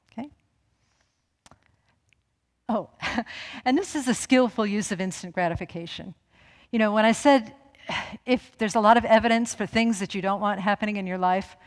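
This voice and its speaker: A woman minister delivers a relaxed, conversational sermon in a church sanctuary. She tells everyday stories and briefly acts out the people she quotes. Her mid-range voice rings with a long hall reverb. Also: mid-range voice. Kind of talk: spiritual sermon.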